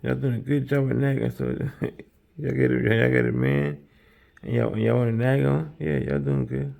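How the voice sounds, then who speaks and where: A man's voice: medium pitch, expressive, normal speed, vocal fry, darkish tone. A man streaming from his home kitchen as he bakes, chatting casually with his viewers and rambling, repeating himself often. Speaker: streamer baking on camera.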